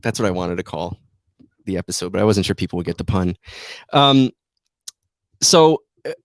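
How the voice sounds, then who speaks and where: A man's voice: deep voice, animated, moderate pace, no echo, clean studio sound. A man hosting a trading show, giving rambling, self-deprecating market commentary that keeps turning into a rant.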